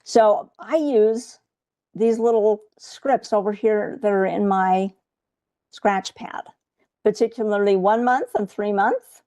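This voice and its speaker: A woman's voice: mid-range voice, takes it slowly, mellow. A woman coaching viewers through a live trading webcast in a chatty way, often checking in with "okay?".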